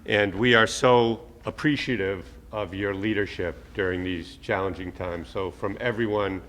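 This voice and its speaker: A man delivering formal prepared remarks in a polite, welcoming manner. His voice is fairly low, with a bright, forceful edge. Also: fairly even intonation, moderate pace. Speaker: company president. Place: factory floor.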